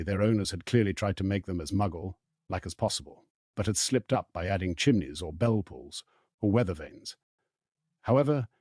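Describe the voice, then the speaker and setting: A man narrating an audiobook in a steady, storytelling read. His voice sits deep and a little husky. The sound is dry and close. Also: no echo.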